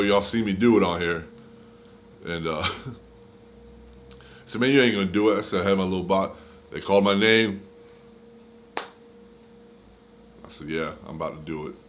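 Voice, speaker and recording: A man with a somewhat low-pitched voice tells a personal story straight to his camera. His talk is casual and full of slang. He acts out the dialogue of the people in the story as he goes. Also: slight background noise. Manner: slangy, animated retelling with quoted dialogue. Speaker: YouTuber telling a story. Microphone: camera mic.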